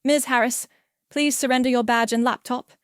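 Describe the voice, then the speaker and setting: A woman's voice: a little high, steady tone, moderate pace, smooth, no room sound, studio quality, natural voice. A woman voicing a firm, matter-of-fact office colleague in a storybook reading. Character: calm, firm office colleague exposing wrongdoing.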